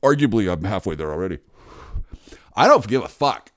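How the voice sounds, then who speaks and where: Low-voiced bitter rambling man. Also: sing-song, brisk, no echo, studio quality. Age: 40s. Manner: bitter, sardonic, swears a lot; mumbles low, then bursts loud. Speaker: vlogger. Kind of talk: rambling profane monologue.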